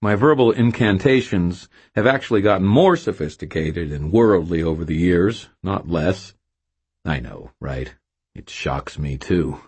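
A man's voice: low voice, animated, measured pace, a little mellow, breathy edge. A man narrating a first-person novel with a wry, self-mocking storytelling manner. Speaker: audiobook narrator.

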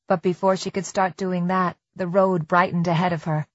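A woman narrating an audiobook in a measured, tense storytelling manner. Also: on the low side, flat delivery, no echo. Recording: slightly dull dry studio recording.

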